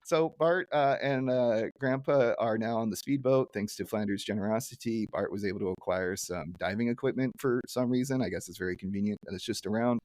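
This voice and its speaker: A man co-hosting a casual podcast, recapping a cartoon episode with lots of fillers and quick jumps into silly character voices. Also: darkish tone, no echo. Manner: rambling, many fillers, breaks into silly high character voices when quoting. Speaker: podcast co-host.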